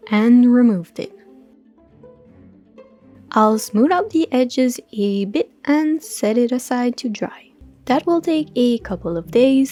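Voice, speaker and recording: A woman narrating a craft tutorial in a relaxed voice-over, with dry, understated humor. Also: fairly high pitch. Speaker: crafting channel host.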